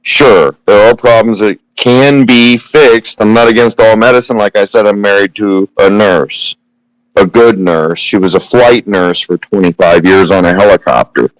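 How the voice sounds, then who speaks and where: A man's voice: lowish voice, moderate pace, no room sound, poor audio. Blunt, profane man in casual chat. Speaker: podcast guest.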